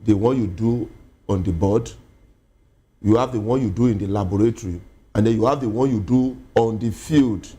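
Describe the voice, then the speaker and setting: Halting man explaining education. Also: lowish voice, warm tone, breathy edge. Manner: halting, explanatory, many fillers. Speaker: educationist, studio guest. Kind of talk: TV studio interview.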